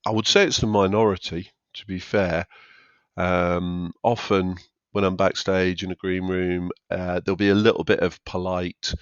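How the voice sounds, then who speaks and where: A man's voice: deep voice, flat delivery, normal speed, clear, resonant tone, no room sound. A man who works as a stand-up comedian, talking candidly and self-deprecatingly as a podcast guest. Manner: candid, self-deprecating, acts out quoted chatter. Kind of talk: conversational podcast interview. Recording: dull dry lo-fi sound.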